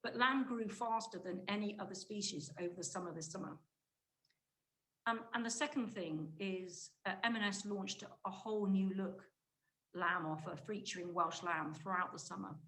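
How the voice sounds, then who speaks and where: A woman giving a conference presentation on shopper research, talking briskly and emphatically with frequent restarts mid-phrase. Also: medium pitch, pushed and bright, low-quality recording. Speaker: conference speaker, market insight director.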